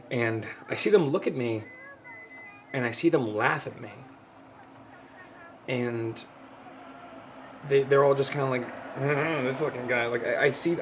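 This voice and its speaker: A man's voice: medium pitch, slight background noise. A young man giving a heartfelt personal monologue to camera, passionate and emotional, swearing often and tripping over repeated words. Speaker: vlogger.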